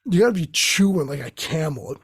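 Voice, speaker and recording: A young male host with a high-pitched, slightly husky voice rambles through a profane comic monologue. He jumps from one tangent to the next and slips into quick impressions. The sound is dry and close to the mic. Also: expressive, no echo. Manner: profane, tangent-jumping, acts out quoted voices.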